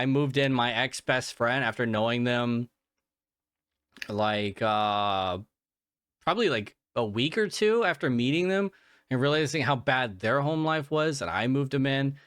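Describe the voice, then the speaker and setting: Male podcast host, sick and fatigued, smooth voice, dry sound, swears and restarts a lot. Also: medium pitch, fairly bright tone, dry recording. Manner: rambling, profane, lots of restarts and fillers. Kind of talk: casual solo podcast monologue.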